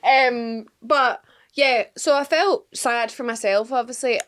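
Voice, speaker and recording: A woman's voice: a little high, slow, fairly bright tone. A young woman, co-hosting a podcast and telling a story in casual chat, laughing often. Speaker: podcast co-host.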